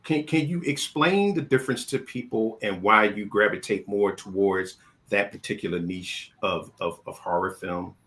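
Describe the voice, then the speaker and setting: Low-voiced man hosting a casual interview. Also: moderate pace, few pauses, a bit bright. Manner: storytelling, repeats words when starting sentences. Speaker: interview host.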